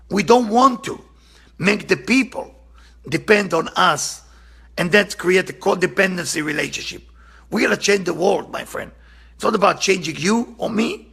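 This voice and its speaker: Gravelly, husky man teaching Kabbalah. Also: sits high, sharp tone. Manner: earnest, impassioned, repeats for emphasis. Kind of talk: spiritual lesson with storytelling.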